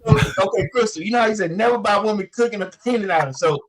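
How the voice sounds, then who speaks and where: A man in his forties telling a story in casual chat, animated, acting out the quotes with many fillers. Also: sits high, racing, noisy background. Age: 40s. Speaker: podcast co-host.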